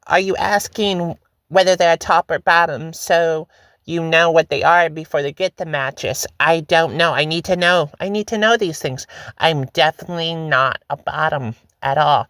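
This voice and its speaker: Bright, chatty woman reacting to memes. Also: fairly low pitch, no room sound. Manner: joking, chatty, puts on quick voices for quoted posts. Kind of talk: casual reaction commentary.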